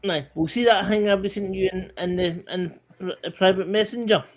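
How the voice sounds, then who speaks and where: Rambling Scottish man, slightly high voice. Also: steady tone, normal speed, poor audio. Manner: rambling, restarts, emphatic. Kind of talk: casual livestream chat.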